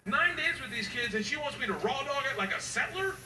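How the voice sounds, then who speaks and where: A man doing a stand-up comedy set, loud and rowdy, acting out his kids and shouting the punchlines. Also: extremely high pitch, expressive, a little fast. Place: live comedy stage. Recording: echoey venue from far off, noisy.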